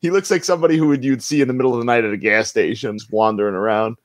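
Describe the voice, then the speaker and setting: A man's voice: medium pitch, rapid-fire, dry recording. Wry, easygoing podcast co-host, a man. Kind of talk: casual podcast chat.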